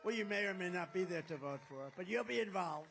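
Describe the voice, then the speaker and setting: A man's voice: high-pitched, animated, fast talker, gravelly, fairly bright tone, a little hiss or hum. A man giving a campaign rally speech as a political candidate, rambling and boastful and repeating his phrases. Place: rally at a golf resort.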